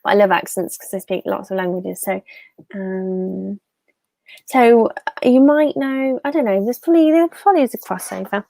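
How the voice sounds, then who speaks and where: A woman's voice: medium pitch, normal speed, gravelly, mellow, no echo. A woman from the Fens in England with an English accent, hosting a live stream and chatting casually, rambling as she reads out viewer comments. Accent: English, Fenland.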